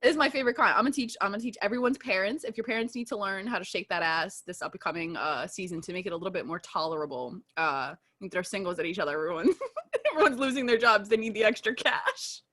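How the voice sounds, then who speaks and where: Rowdy, animated young woman podcaster. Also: mid-range voice, quick pace. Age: 20s. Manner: laughing, loud, rowdy swearing. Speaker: podcast co-host. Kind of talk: casual chat.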